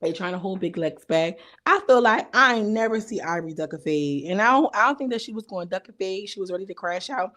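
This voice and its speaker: Chatty slightly hoarse young woman vlogger. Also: mid-range voice, quick pace, hardly any pauses. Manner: chatty, slangy, animated retelling. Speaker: reality TV recap vlogger. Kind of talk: casual recap chat.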